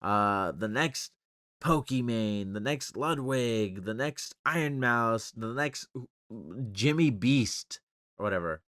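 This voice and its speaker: A man's voice: mid-range voice, lively intonation, takes it slowly, a bit bright, no room sound, clean studio sound. A man hosting his own podcast, rambling and joking about himself in a casual monologue. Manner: rambling, joking and self-deprecating. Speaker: podcast host.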